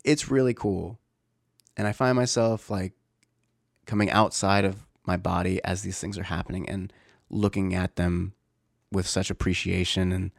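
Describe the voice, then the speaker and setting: A man's voice: low-pitched, vocal fry, dry recording, clean studio sound. A man in his thirties, a father talking in a casual, reflective way, rambling with many fillers and restarts. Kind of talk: casual personal talk.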